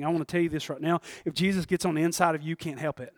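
A man preaching a sermon in a fervent, folksy way, moving between loud outbursts and hushed asides and chuckling often. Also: on the high side, steady tone, rapid-fire, few pauses, dry recording, studio quality.

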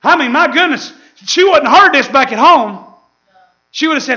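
A man preaching a fiery sermon, with shouted peaks and laughter. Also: extremely high pitch, lively intonation, normal speed, highs cut off.

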